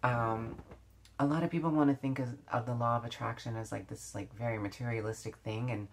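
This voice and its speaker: A woman's voice: extremely low pitch, fairly even intonation, brisk, slight background noise. A woman beauty vlogger chatting casually while doing her makeup, reflective, with many fillers and restarts. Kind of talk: casual get-ready-with-me chat.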